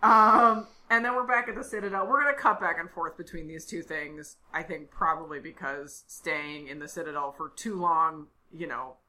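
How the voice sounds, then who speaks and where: A woman's voice: sits low, steady tone, moderate pace, few pauses, pushed and bright. A woman co-hosting a podcast, chatting casually as she recaps an episode with lots of fillers. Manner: chatty, filler-heavy storytelling. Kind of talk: casual chat.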